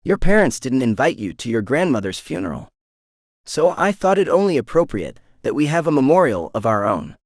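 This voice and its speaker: A man plays a self-assured young man with a smirking confidence and a gentle edge. His lines rise and fall in an animated way, read close and dry. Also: mid-range voice, fairly quick, dry recording. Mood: confident. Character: young man, cocky yet gentle boyfriend.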